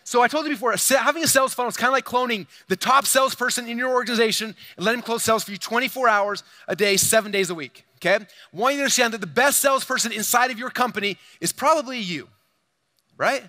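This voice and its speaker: A man giving an energetic seminar talk to a large audience, animated and boastful as he speaks straight to the crowd. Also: very high voice, quick pace, no echo. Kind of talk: energetic stage presentation.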